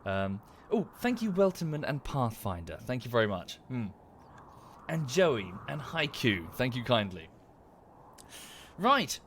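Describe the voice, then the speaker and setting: Lively, chatty man streaming. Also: medium pitch, unhurried, a little hiss or hum. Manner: chatty, rambling, thanks viewers as he goes. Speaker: livestreamer. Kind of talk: casual livestream chat.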